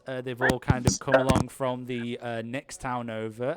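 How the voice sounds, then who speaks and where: A man's voice: medium pitch, level tone, normal speed, few pauses, fairly bright tone, clear, resonant tone, no echo. A man running an improvised tabletop game, narrating in a rambling way full of ums and kind-ofs. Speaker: game master.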